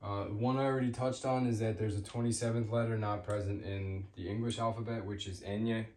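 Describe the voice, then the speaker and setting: A man giving a casual spoken language lesson, hesitant with many fillers, repeating example words slowly. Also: on the low side, little pitch movement, a little mellow, reverberant. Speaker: language teacher.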